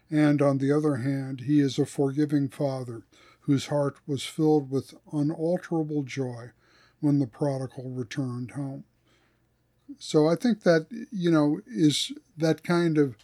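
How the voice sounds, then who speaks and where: A man, a theologian, talking through ideas in a thoughtful podcast discussion and reading quotes slowly. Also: a little high, dark tone.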